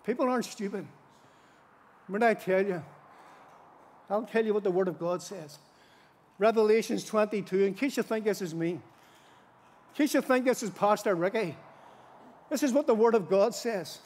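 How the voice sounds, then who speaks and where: High-voiced male preacher, earnest, repeats for emphasis, reverberant tent. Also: darkish tone. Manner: earnest, repeats phrases for emphasis, slows for scripture. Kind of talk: tent mission sermon. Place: large gospel tent.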